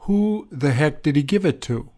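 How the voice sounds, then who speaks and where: A man teaching an English grammar lesson, explaining step by step with pauses and fillers. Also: a little high, animated, warm tone. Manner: slow, deliberate, with pauses and fillers.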